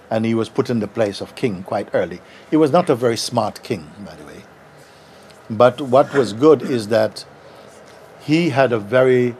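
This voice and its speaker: A man teaching at a satsang, speaking gently and playfully and laughing as he tells a story. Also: mid-range voice, a little hiss or hum. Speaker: spiritual teacher.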